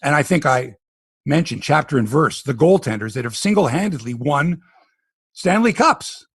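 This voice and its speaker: A man hosting a sports podcast, ranting in animated, profane casual talk. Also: on the high side, moderate pace, husky, no echo.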